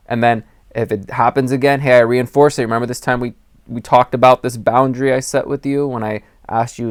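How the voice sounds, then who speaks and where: Speaking fairly quickly in a mid-range voice with fairly even intonation, a young spiritual advice channel host addresses the camera earnestly. His candid personal talk rambles through advice, complete with acted-out quotes, captured in a dry, clean studio recording.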